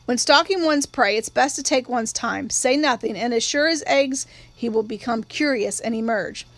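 A woman reading a novel aloud in first person, with a measured, wry storytelling manner. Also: on the high side, dry recording. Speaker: audiobook reader. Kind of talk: first-person literary narration. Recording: dry, close studio read.

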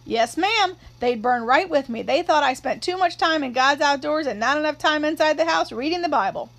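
A woman reads a wry older neighbor from a storybook, blunt and dry with a sharp tongue. The voice stays high and close to the reader's own, not much disguised. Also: animated, moderate pace.

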